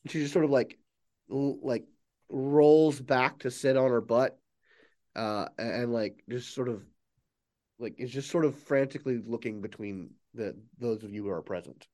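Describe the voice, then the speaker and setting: A man narrates a tabletop game as its game master. His talk is loose and rambling, full of fillers and restarts, at a mid-range pitch. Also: normal speed, warm tone.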